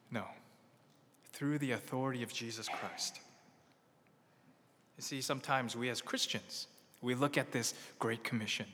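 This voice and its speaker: A man's voice: medium pitch, fairly bright tone, long reverb tail. A man preaching a sermon as a pastor, earnest and emphatic, asking rhetorical questions and answering them.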